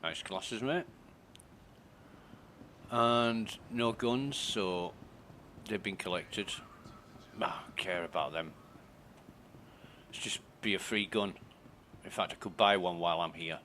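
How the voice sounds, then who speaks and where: A man's voice: low-pitched, slow pace, pauses often, bright, forceful tone, slight background noise. A man commentating casually on his gameplay, thinking aloud, muttering and swearing. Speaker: game streamer.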